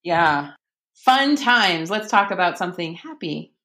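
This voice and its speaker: A woman with a slightly low voice speaks as an interview guest. She talks in a loose, conversational way, restarting sentences and dropping in ums as her enthusiasm builds. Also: animated, unhurried, pushed and bright. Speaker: author and podcast guest.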